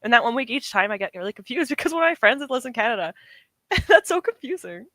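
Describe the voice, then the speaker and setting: A woman's voice: fairly high pitch, expressive, very fast, sharp tone, no room sound. A young woman from the UK chatting casually with her stream chat, rambling, laughing often and correcting herself. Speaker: streamer reading chat comments.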